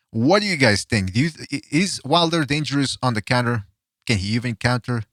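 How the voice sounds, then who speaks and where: A man hosting a casual boxing podcast, loud and profane, laughing often as he talks to callers. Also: medium pitch, expressive, brisk, no echo, clean studio sound. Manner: loud, swearing, laughs a lot. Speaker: podcast host.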